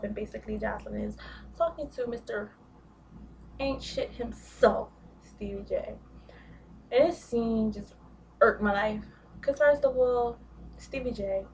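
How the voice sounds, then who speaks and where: A woman's voice: mid-range voice, a little mellow. A woman vlogger giving a heated, profane, slang-heavy review of a reality show in a casual ranting style. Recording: distant mic with faint background noise.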